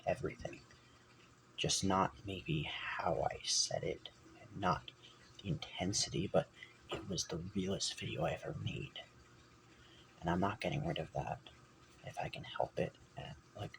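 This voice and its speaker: A man's voice: low voice, huge pitch swings, unhurried, vocal fry, fairly bright tone, a little hiss or hum, rough recording. A man talking on his own channel in a meandering, self-correcting way, sometimes dropping almost to a whisper. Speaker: channel host. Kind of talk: rambling personal vlog talk.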